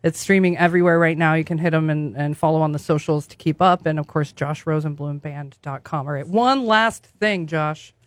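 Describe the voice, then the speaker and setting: A woman's voice: sits low, brisk, few pauses, no echo. A woman hosting a music show, bubbly and upbeat, giggling often as she chats with a guest. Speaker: radio show host. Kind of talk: casual interview chat.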